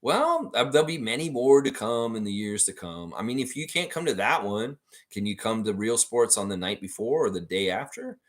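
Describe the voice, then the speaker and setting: Lowish in voice and moderate in pace, this fan channel host rants animatedly on his livestream. He reads viewer comments out loud, swears casually and talks to the viewers directly.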